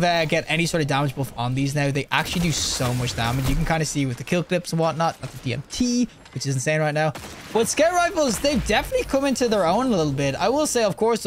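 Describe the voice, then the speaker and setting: A young man hosting a gaming video, giving live gameplay commentary and reacting excitably as he plays. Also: fairly high pitch, a little hiss or hum. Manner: excitable, yelps and laughs mid-play.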